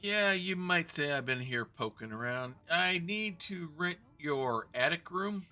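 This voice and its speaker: A man's voice: a little high, lively intonation, a little slow, bright, forceful tone, soft background music. A man from Kentucky giving chatty let's-play commentary, role-playing his way through a fantasy game and chatting with viewers and characters. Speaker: gamer role-playing as himself.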